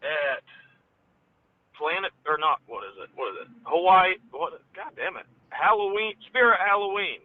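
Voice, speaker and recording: A man's voice: animated, moderate pace. A man calling in, telling rambling stories from his day and quoting the people he met. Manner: rambling anecdotes, quotes people in a higher voice. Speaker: caller. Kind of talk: casual storytelling. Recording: tinny phone line.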